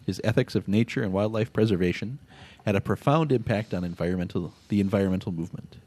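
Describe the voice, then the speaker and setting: A man's voice: lowish voice, quick pace, a little mellow. A man hosting a casual podcast, laughing often and telling stories with animation. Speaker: podcast host. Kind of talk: casual chat.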